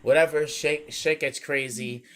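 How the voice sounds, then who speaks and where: A male streamer hosting a casual chat, telling a story in a profane, animated way. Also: on the high side, unhurried. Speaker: streamer host.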